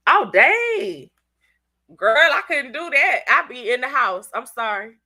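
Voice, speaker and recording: A woman's voice: sits high, sing-song, slow, pushed and bright. A congested woman with a Southern US accent, hosting a casual live stream, chatting in slang and teasing viewers by name. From Southern United States. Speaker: channel host reading live chat.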